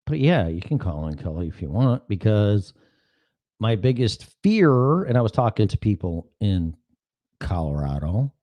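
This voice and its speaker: A fairly low-pitched man, very animated yet a little slow, hosts a casual solo livestream as a podcast host. He rambles sarcastically, swears openly and bounces between topics. The recording is muffled but free of echo.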